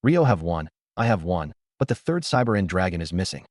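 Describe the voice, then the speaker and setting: A man's voice: low voice, very animated, a little fast, darkish tone, dry recording, studio quality. A man reading as a formal old school chancellor.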